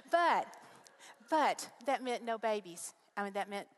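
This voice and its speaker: A middle-aged woman speaking to a congregation, telling her faith story in an earnest, animated way, voice rising when excited. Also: medium pitch, a little slow. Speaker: guest speaker. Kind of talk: testimony sermon.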